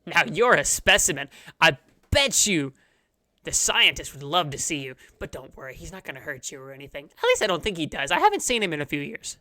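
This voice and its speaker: A game master voicing a young, excitable male frog villager who greets newcomers in a friendly, rambling way. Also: medium pitch, fairly quick, dry recording. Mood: eager.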